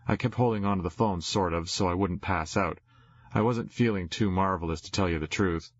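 Brief: low husky male narrator, wry and rambling, dry close sound. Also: a little fast, dry recording. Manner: wry, rambling confessional delivery. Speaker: audiobook narrator. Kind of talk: first-person audiobook narration. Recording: dull lo-fi recording.

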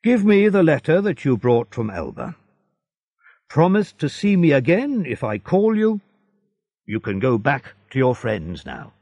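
Stern, secretive judge giving commands in a slow, gravelly voice, voiced by a male reader. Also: mid-range voice, huge pitch swings, warm tone, no room sound, dull audio, pitched above the performer's own voice, exaggerated voice. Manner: commanding, clipped orders.

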